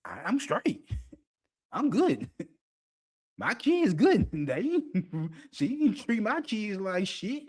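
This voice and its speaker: A man's voice: sits high, huge pitch swings, very slow, long pauses, a little mellow, husky. A man hosting an unscripted monologue, blunt and profane, laughing often as he talks. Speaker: podcast host.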